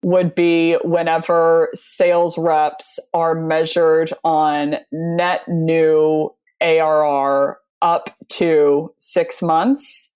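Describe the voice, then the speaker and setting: A woman with a somewhat low voice speaks as an interview guest. She talks in a loose, animated storytelling way, full of fillers and quick laughs. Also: smooth. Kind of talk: casual interview talk.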